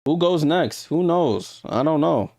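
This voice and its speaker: A man's voice: fairly high pitch, animated, measured pace, creaky, darkish tone, no echo, clean studio sound. A man with a New York accent hosting a live stream, giving casual reaction commentary, thinking aloud and talking to his viewers with hesitant ums. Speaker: livestream host.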